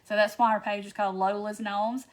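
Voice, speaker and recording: A woman's voice: medium pitch, level tone, fairly quick. A chatty woman hosts a casual craft tutorial livestream and answers viewer comments as she goes.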